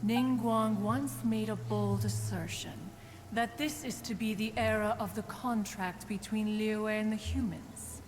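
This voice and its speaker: A woman's voice: mid-range voice, fairly even intonation, unhurried, a little mellow, natural voice. An actress voicing a haughty female crane spirit in a video game, speaking formally and aloofly. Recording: game audio with reverb and noise.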